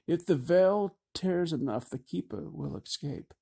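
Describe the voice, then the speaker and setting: A man reading an audiobook, voicing an old grandfatherly wizard who speaks in a calm, measured, reassuring way. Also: fairly high pitch, creaky, breathy edge, voice pushed up, full character voice. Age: older. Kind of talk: audiobook character voice.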